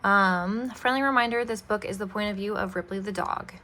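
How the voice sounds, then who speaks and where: A woman reads a children's chapter book aloud in a bright, clear voice. Her tone is friendly and informal, and she stumbles now and then and says sorry. Her pitch sits in an ordinary middle range. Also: fairly quick. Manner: friendly, apologizes for slips. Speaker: storyteller, channel host.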